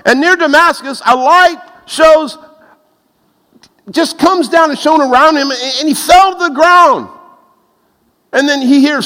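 Man, preacher, high voice, animated sermon, laughs at his own jokes, long hall reverb. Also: unhurried, pauses often.

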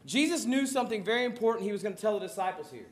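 A man preaching a sermon, animated and jokey, acting out Bible scenes as he goes. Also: sits high, very fast, roomy sound. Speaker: pastor.

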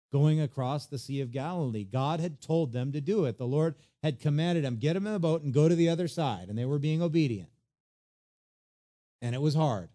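A middle-aged man preaching a sermon in a conversational way, jumping from loud emphasis to quiet asides. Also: medium pitch. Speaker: pastor.

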